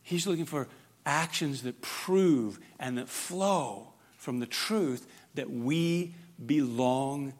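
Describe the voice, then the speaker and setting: A man preaching a sermon, emphatic and dynamic, swinging from loud, fervent stretches to hushed, quiet ones. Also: medium pitch, takes it slowly. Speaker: pastor.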